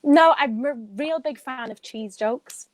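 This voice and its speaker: A woman's voice: sits high, takes it slowly, darkish tone. A Welsh woman, a guest entertainer, chatting bubbly and giggly on a podcast. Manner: bubbly and chatty, laughs easily. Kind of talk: casual podcast chat.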